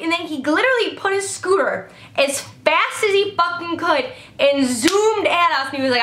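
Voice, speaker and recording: A woman's voice: extremely high pitch, animated, moderate pace, hardly any pauses, a bit bright, roomy sound. Chatty young woman telling stories. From Illinois, USA. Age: young adult. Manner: chatty, swears a lot, heavy filler "like". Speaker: vlogger. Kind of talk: casual storytime.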